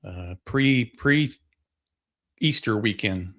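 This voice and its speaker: Low-voiced man casually co-hosting a podcast. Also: slow pace. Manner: relaxed, rambling, many fillers. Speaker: podcast co-host. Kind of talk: casual sports chat.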